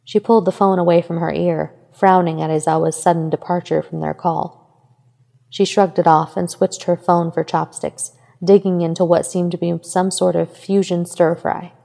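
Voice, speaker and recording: A woman narrating a fan fiction story in a steady, even reading voice. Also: on the low side, moderate pace, vocal fry, in a large hall. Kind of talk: scripted narration.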